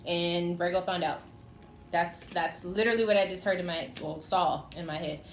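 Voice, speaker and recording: A woman's voice: fairly low pitch, fairly even intonation, moderate pace. Chatty woman reading tarot, echoey room. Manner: chatty, teasing, talks to the signs directly. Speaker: tarot reader. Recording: echoey room with faint noise.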